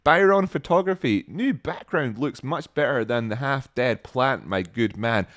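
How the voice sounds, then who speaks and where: A man hosting a livestream, chatting casually and reading out viewer comments with jokes and sudden excited exclamations. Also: medium pitch, a little slow, dry recording, studio quality. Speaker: livestream host.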